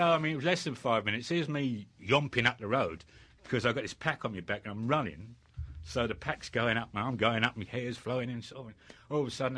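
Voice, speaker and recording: An older man with a British accent tells stories from his youth in a loose, meandering way. He keeps circling back with fillers and restarts. His pitch sits in the ordinary middle range. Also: fairly bright tone. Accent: British English. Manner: rambling anecdotes with many fillers. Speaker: interviewee. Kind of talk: storytelling in casual chat.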